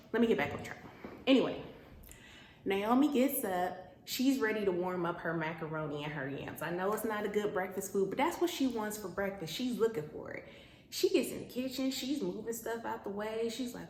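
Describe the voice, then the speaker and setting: A woman's voice: medium pitch, expressive, moderate pace, a little hiss or hum. A woman hosting a podcast and retelling a Bible story comically, with slangy talk and laughing asides, in a room with an echo. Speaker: podcast host.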